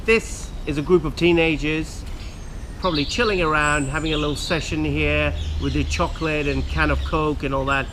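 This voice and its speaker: A man's voice: on the high side, steady tone, moderate pace, a bit bright, a little hiss or hum. Man ranting on a woodland hike. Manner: earnest ranting appeals to viewers. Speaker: hiking vlogger. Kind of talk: outdoor vlog talk to camera. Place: outdoors by a river in woodland.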